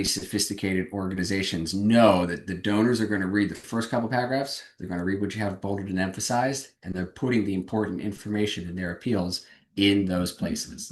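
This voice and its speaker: A man's voice: low voice, brisk, reverberant. A man giving a webinar presentation on fundraising, speaking energetically and emphatically over a video call.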